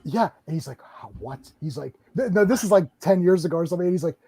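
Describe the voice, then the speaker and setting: A man hosting a casual pop culture podcast chat, excitable and full of stammering restarts, acting out the people in his stories. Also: high-pitched, very fast, slightly rough, no echo. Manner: excitable, stammering restarts, acts out quoted voices. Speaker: host.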